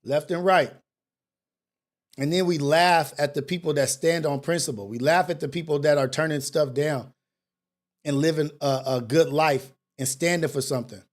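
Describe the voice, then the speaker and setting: A talk show host with a fairly high voice speaks at a moderate pace in an impassioned, preachy monologue. He uses street slang and keeps repeating rhetorical questions.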